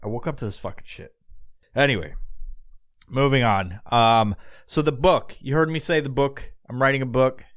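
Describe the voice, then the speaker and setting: A man's voice: medium pitch, moderate pace. A man hosting a podcast, talking alone in a rambling, profane, casual way and laughing often. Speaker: podcast host. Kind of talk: casual monologue.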